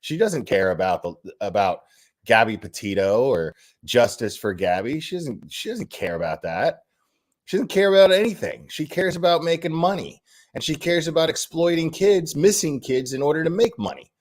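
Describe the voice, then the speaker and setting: A man's voice: fairly high pitch, moderate pace. A man hosting his own channel, giving blunt opinions in casual commentary. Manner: animated and opinionated, with frequent restarts. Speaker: channel host.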